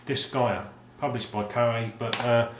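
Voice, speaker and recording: A man's voice: mid-range voice, fairly even intonation, unhurried, background noise. A man casually showing off his game collection, rambling and hesitant with lots of ums and restarts. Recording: roomy sound with faint ambience.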